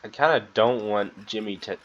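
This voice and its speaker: A man's voice: lowish voice, normal speed. A man playing through a game and reacting in loose, profane, emotional commentary. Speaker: let's-play gamer. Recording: dull lo-fi sound.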